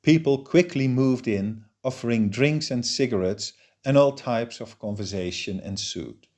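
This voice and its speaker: A man narrating a novel in a steady, measured reading voice. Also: medium pitch. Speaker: audiobook reader.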